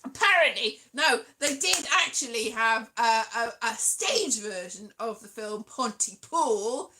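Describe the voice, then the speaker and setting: A woman's voice: fairly high pitch, lively intonation, unhurried, slight background noise. A woman from Wales chatting casually with her livestream viewers, rambling and playful, breaking into sing-song now and then. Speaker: streamer. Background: loud piano music.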